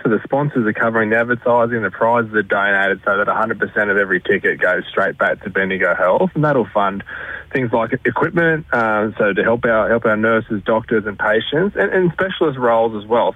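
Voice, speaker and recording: A man's voice: lowish voice, no room sound. An Australian man, a hospital fundraising director, talking earnestly on a radio call-in and restarting his sentences often. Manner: earnest and fast, with many restarts. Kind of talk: radio interview over the phone. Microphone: telephone. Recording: tinny dry phone line.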